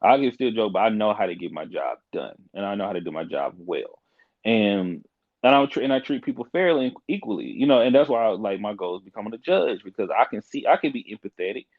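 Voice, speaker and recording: A young man in his twenties, a podcast guest, telling a story in a frank, emphatic way with quick restarts. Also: lowish voice, big pitch swings, no room sound, narrow, tinny audio. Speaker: podcast guest, court caseworker. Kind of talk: animated casual storytelling.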